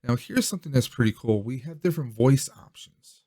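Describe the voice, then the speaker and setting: A man's voice: medium pitch, lively intonation, fairly quick, warm tone. Chatty man testing a desk mic. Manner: rambling, chatty, thinks aloud. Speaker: tech reviewer. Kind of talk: casual product demo. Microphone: desk USB microphone.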